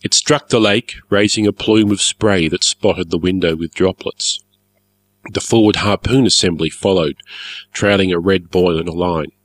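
A man narrating a story in a measured, formal, wry manner. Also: low voice, steady tone, no echo.

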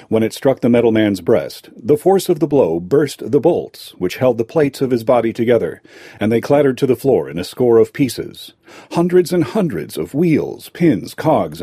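A man narrating a fairy tale aloud in a lively storytelling manner. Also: mid-range voice, breathy edge, dry recording, studio quality.

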